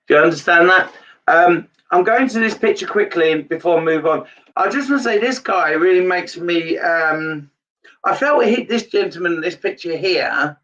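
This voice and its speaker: A psychic medium giving a live-streamed reading to viewers, halting, repeating his phrases and turning emotional. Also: high voice, lively intonation, a bit bright, far from the mic, muffled recording.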